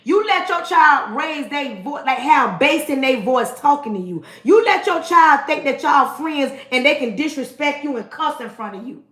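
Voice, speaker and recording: Emphatic high-voiced woman in her forties. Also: animated, normal speed, few pauses, a bit bright. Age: 40s. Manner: emphatic, preachy, talks straight to viewers. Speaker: livestream host. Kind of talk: casual livestream monologue. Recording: roomy echo.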